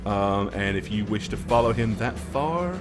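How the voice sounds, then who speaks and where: A man's voice: lowish voice, lively intonation, normal speed, over music. A man running a tabletop game as game master, narrating rolls and actions with laughs.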